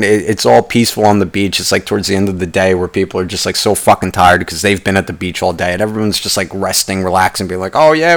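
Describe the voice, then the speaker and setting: Young adult man, podcast host, profane, rambling monologue, lowish pitch. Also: creaky. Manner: profane, swears constantly; rambling with restarts and asides.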